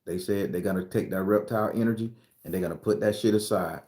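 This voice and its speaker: Low mellow-voiced guy talking loose and cussing a lot, giving spiritual predictions, echoey room. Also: fast talker. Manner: loose, profane and emphatic, laughs often. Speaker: spiritual reader sharing predictions. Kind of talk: casual spiritual vlog talk.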